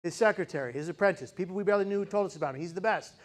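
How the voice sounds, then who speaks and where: A man in his forties giving a personal storytelling speech as a keynote speaker, dramatic and shifting between loud intensity and hushed quiet. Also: high-pitched, rapid-fire. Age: 40s.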